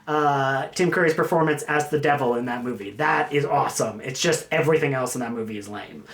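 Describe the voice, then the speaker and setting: A man hosting a casual vlog about his film collection, rambling and joking at his own expense. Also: fairly high pitch. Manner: rambling, jokey, self-mocking. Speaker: video host showing his film collection.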